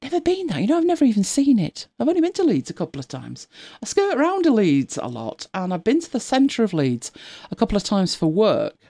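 A woman's voice: mid-range voice, wildly swooping pitch, fairly quick, dark tone. A middle-aged woman hosting a casual live stream, chatting and laughing with viewers and greeting them by name.

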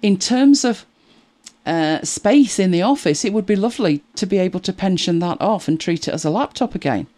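A middle-aged woman chatting to camera as a video creator, animated and exasperated, laughing at herself. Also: mid-range voice, normal speed. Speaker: YouTube creator. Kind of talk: casual chat to camera.

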